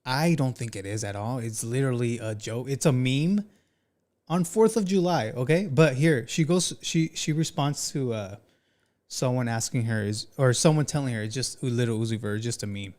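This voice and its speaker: A man hosting a casual reaction commentary, animated and talking straight to his chat. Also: mid-range voice, moderate pace. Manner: animated, talks to chat, says "bro" often. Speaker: commentary channel host.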